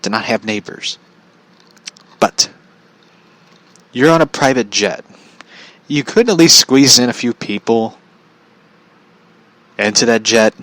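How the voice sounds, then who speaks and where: A man's voice: mid-range voice, slow pace, long pauses, fairly bright tone, rough recording. A man ranting bluntly in a casual commentary vlog, swearing freely and often laughing at his own points. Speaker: vlogger.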